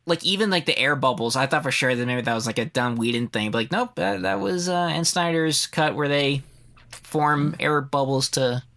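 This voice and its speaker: Bright, sharp-voiced co-host, animated and profane. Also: medium pitch, gravelly. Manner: animated and profane, quick asides. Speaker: podcast co-host. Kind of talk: casual chat.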